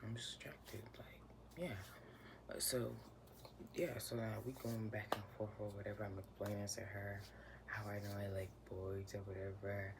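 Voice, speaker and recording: A young man tells a personal story in a chatty, slangy way, often sinking into a near whisper. His voice sits a bit low with a gravelly edge. Steady background noise runs under the recording. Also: normal speed. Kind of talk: casual storytime. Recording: noisy room ambience.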